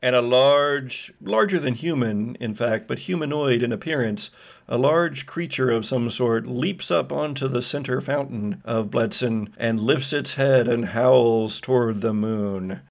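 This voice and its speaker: A man's voice: medium pitch, unhurried, creaky. A man narrating vivid scenes as game master of a tabletop role-playing game. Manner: vivid descriptive storytelling.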